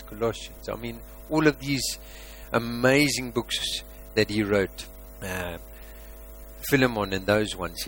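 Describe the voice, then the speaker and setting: A man preaching a sermon as a pastor, asking rhetorical questions and swinging between loud emphasis and quiet asides. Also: medium pitch, a little hiss or hum, rough recording.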